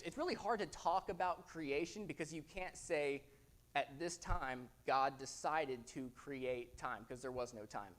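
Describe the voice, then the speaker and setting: A young man gives a sermon as a guest preacher. His voice sits a little high, and he talks in an earnest, conversational way, doubling words as he works through his points.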